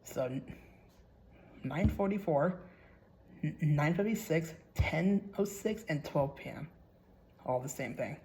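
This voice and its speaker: A man's voice: fairly high pitch, expressive, slow, pauses often, darkish tone, poor audio. A man hosting his channel, casually reading a horror story aloud in a plain, unacted voice, stumbling over and repeating words and swearing freely.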